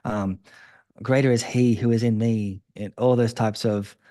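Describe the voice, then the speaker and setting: Dark-voiced male interview host. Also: fairly low pitch, steady tone, unhurried, no echo, studio quality. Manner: probing, talks through follow-up questions.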